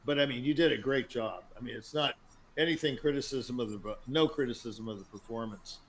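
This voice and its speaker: A man gives piano feedback over a video call. He wanders through his thoughts with many pauses and restarts but stays encouraging. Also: medium pitch, a little hiss or hum, low-quality recording. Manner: rambling, hesitant, encouraging. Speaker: piano judge. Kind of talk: spoken feedback on a performance.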